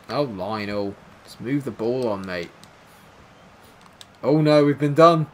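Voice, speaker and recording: A man casually commentating his own football video game, muttering through menus and yelping high when chances come. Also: slow pace, long pauses, slight background noise. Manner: swings from quiet mumbling to excited high-pitched yelps at goals. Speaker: gaming commentator.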